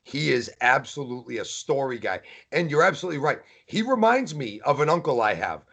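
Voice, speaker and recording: A man with a New England accent talks animatedly in a casual podcast chat. His voice is mid-pitched, and he leans hard on his opinions. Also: fairly quick. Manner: emphatic, animated. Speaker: podcast co-host.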